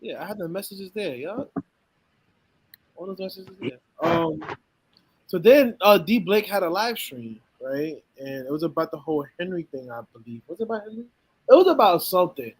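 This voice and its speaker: A man's voice: sits high, sing-song, normal speed, husky. A man hosting a casual podcast, telling a story with many quotes and laughing often. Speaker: podcast host. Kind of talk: casual chat.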